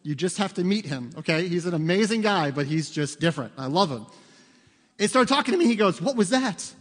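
A man's voice: fairly high pitch, fairly quick. Man preaching in a reverberant hall. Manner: conversational, peppers sentences with "okay?" and "right?"; animated storytelling with acted quotes. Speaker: pastor. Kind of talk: sermon. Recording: long reverb of a large hall.

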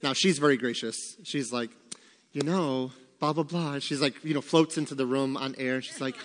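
Animated pastor in an echoey room. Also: male voice, medium pitch, normal speed. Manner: animated, acts out quoted worries. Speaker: pastor leading a church group. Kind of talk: informal group devotional talk.

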